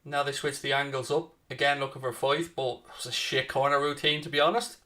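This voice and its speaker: A man's voice: medium pitch, flat delivery, fairly quick, pushed and bright. A man hosting a football watchalong, calling the play and casually answering viewers' chat messages. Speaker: watchalong host. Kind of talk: casual match commentary and chat.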